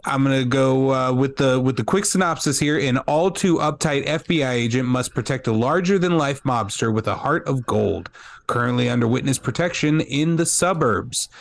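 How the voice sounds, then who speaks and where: A man's voice: mid-range voice, normal speed. Friendly male podcast co-host. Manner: friendly, asks the guest questions. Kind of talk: casual podcast chat.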